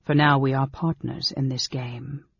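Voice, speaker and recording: A man voicing a cool, sly male dark elf wizard in an audiobook, speaking softly, low and offhand. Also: little pitch movement, a little slow, gravelly, breathy edge, no room sound, full character voice. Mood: knowing. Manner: coolly offhand, knowing. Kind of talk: audiobook character reading. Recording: dull lo-fi recording.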